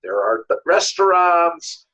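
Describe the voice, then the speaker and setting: A man with a New York accent, a divorce lawyer being interviewed, telling stories in a lively way and acting out voices, often repeating words as he searches. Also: on the high side, slow, low-quality recording. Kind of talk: animated storytelling interview.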